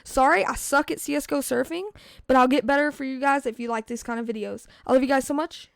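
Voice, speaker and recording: A high-voiced teen narrates a storytime over gameplay, rambling through fillers and putting on little voices for quotes. The sound is dry and close, as if from a desk mic. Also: steady tone, quick pace, vocal fry, fairly bright tone, clean tone, dry recording. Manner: chatty, filler-heavy, acts out quoted lines. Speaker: gaming vlogger.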